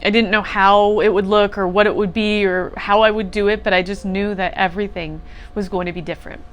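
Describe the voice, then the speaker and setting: A woman's voice: mid-range voice, steady tone, fairly quick. Woman guest, heartfelt storytelling, voice moved and sincere. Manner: emotional, earnest, laughs through tears. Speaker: guest sharing a retreat testimonial. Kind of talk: personal storytelling.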